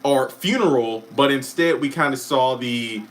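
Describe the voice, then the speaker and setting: A man hosting a casual live stream who chats about a TV finale, answers viewer comments, and often breaks off with quick asides and apologies. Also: medium pitch. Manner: chatty, self-interrupting, apologetic asides. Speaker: YouTube live stream host.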